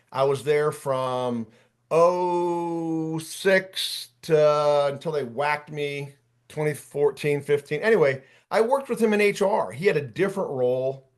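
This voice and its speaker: Fired-up man in his fifties coaching. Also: a little high. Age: 50s. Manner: animated, chatty, fired up, addresses attendees by name. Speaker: workshop coach. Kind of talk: energetic online workshop talk.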